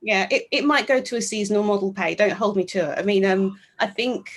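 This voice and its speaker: A woman's voice: medium pitch, brisk. A woman with a British accent, a knitwear designer guest in a casual interview, speaking thoughtfully with many hesitations. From England.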